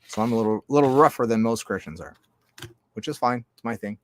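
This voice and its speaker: A man talking in a loose, profane, rambling monologue, jumping between loud outbursts and low mutters. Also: expressive, fairly quick, slight background noise. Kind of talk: casual monologue.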